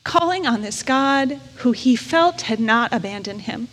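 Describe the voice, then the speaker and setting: A woman's voice: a little high, animated, a little slow, fairly bright tone. A woman preacher telling a story in a sermon, in a conversational, candid and self-deprecating way. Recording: long reverb of a large hall.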